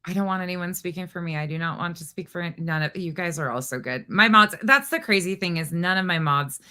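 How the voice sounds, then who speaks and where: A woman with a lowish voice and a sharp tone talks briskly while hosting a casual livestream from home. She sounds exasperated and rambles, restarting her sentences again and again.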